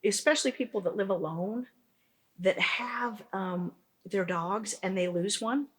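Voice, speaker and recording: A woman's voice: medium pitch, unhurried. A woman, founder of a pet business, telling stories earnestly in a conversational interview, with frequent restarts.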